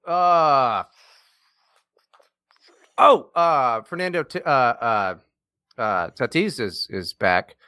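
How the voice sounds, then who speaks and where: A man's voice: mid-range voice, expressive, very slow, long pauses, pushed and bright, clean tone, no room sound. A man co-hosting a casual podcast, joking around and hesitating with many fillers. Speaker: co-host.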